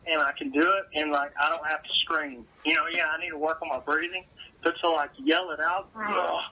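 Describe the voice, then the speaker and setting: A man's voice: fairly high pitch, fairly even intonation, a little fast, a loud crowd, rough recording. A man talking in a casual podcast chat, blunt and opinionated, swearing a lot.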